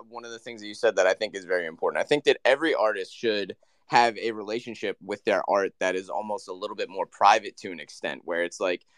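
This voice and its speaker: Male host, very low voice, loose chatty delivery, dry close sound. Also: fairly bright tone, dry recording. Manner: loose, filler-heavy phrasing. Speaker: podcast host. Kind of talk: casual podcast chat.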